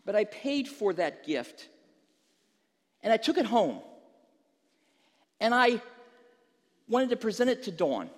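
A man's voice: sits high, sing-song, slow, pauses often, big-room sound. A male pastor preaching a sermon, telling a humorous story and then pressing an emphatic question to the listeners.

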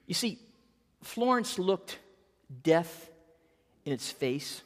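Preaching with a lively voice that rises and falls, a pastor in their fifties draws out words and often repeats them. The mid-range delivery is earnest and animated. A long church-hall reverb trails the sound.

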